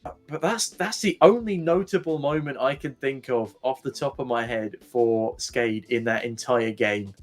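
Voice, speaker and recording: A man casting a live esports match, excitable and rambling, a little out of breath, his pitch jumping up when he is thrilled. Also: normal speed, few pauses, faint music behind. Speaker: esports caster.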